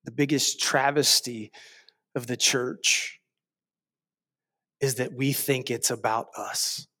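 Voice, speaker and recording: A man preaching a sermon, slow and deliberate, repeating phrases for emphasis. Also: mid-range voice, steady tone, pushed and bright.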